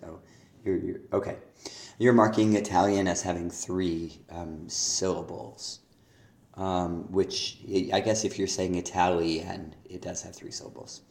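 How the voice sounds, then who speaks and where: A male teacher giving recorded feedback on a student's poetry assignment, halting with many fillers and restarts, reading verse lines aloud. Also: sits low, fairly even intonation, gravelly, darkish tone. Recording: echoey room.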